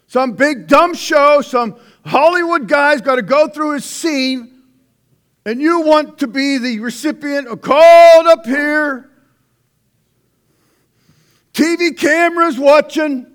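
High voiced guy preaching, chatty sermon, goes loud then real quiet. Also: lively intonation, measured pace. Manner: conversational preaching, swings from loud to hushed. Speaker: pastor.

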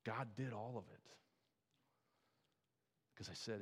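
A man preaching a sermon, telling stories and moving between quiet, reflective passages and loud, emphatic ones. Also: lowish voice, slow pace, pauses often, breathy edge. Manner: storytelling, swings from quiet to emphatic.

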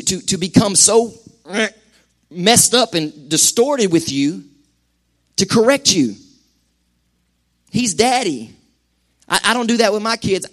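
A middle-aged man preaches in a church sanctuary, his voice sitting high for a man. He talks with animated energy and slips into quick acted-out asides. Sermon delivery to a congregation. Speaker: pastor.

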